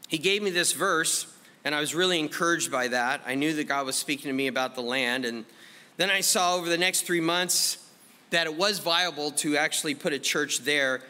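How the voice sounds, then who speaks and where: Bright-voiced storytelling pastor. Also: male voice, on the high side, big-room sound. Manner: animated storytelling, acts out his own past remarks. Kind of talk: testimony sermon.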